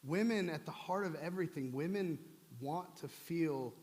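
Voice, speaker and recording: A man's voice: a little high, moderate pace, darkish tone. A man preaching in a church, humorous and conversational in manner. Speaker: pastor. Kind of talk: sermon. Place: church sanctuary. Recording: long church hall reverb.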